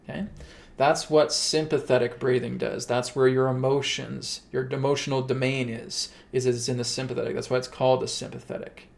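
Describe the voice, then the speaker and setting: Man, gravelly voice, spiritual teacher, casual talk, quick asides, keeps checking in with listeners. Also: medium pitch. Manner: quick, conversational, keeps asking "right?".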